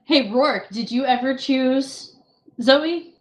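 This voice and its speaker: Woman, Louisiana Southern accent, podcast co-host, animated, echoey room. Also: high voice, slow. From Louisiana, USA. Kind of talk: casual game discussion.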